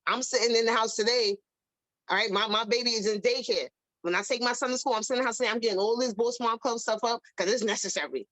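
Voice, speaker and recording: A woman, hosting an emphatic, animated motivational talk. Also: a little high, fast, dry recording, low-quality recording. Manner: animated, emphatic, repeats herself. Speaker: podcast host.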